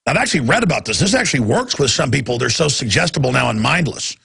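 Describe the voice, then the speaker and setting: A male talk radio host with a heavily gravelly, raspy voice that sits a touch high for a man. He rants through a monologue with a forceful, bright edge. He slips into the voices of the people he quotes. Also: sing-song, fast talker. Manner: ranting, acts out quoted voices.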